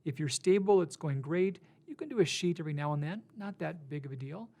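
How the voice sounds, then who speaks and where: A middle-aged man from northern Minnesota with a voice pitched a little high for a man. He talks casually and explains things plainly, correcting himself as he goes. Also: animated, brisk, dark tone. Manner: conversational, self-correcting, chuckles at figures. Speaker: health educator.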